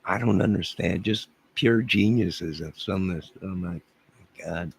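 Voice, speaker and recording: A man's voice: sits low, a little slow, vocal fry, husky, rough recording. A man hosting a casual livestream, rambling and self-deprecating as he chuckles and answers viewers' chat. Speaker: livestream host.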